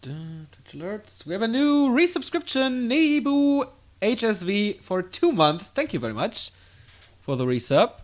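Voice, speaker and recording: A man casting a strategy game on his own, calling the action in quick play-by-play and rambling casually to viewers between games. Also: sits high. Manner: excitable play-by-play, drifting into loose rambling asides between games. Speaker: esports caster. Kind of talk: solo game commentary with casual chat.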